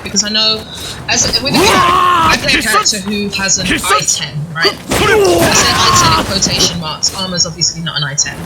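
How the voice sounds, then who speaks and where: A woman's voice: mid-range voice, low-quality recording. A woman with a British accent hosting a fighting-game tutorial, upbeat and steering the talk with questions. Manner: upbeat, guiding questions, laughs easily. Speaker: host. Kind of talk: hosted gaming tutorial interview. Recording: loud background noise.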